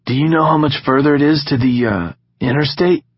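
A man's voice: fairly high pitch, fairly quick, slightly rough, no room sound, lo-fi sound, voice pushed up. A man voicing a nervous, wry wealthy teenage boy in an audiobook. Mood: curious.

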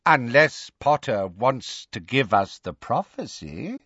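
A man voicing a gaunt, cruel witch who relishes tormenting others, pitched well above his own voice. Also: very animated, slow pace, fairly bright tone, breathy edge, no echo, dull audio, exaggerated voice. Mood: gleeful cruel.

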